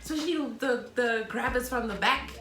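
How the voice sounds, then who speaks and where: A woman's voice: on the high side, a little fast, echoey room. A woman from South Africa, a guest in a casual chat, talking expressively with playful exclamations. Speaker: guest vlogger.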